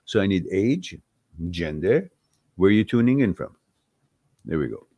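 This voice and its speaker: A man's voice: sits low, a little slow, breathy edge, dry recording, dull audio. A man hosting a live-stream Q&A, talking bluntly and heatedly, firing off rhetorical questions and swearing when riled. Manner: rhetorical questions, animated delivery. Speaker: live stream host answering viewer questions.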